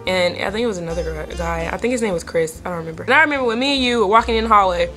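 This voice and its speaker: A teenage girl chatting into a webcam at home, rambling and teasing as she gives her friends shoutouts. Her voice is bright and lively, pitched in a middle register for a girl. Soft music plays faintly behind her. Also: racing. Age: teens. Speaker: vlogger. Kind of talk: casual shoutout vlog.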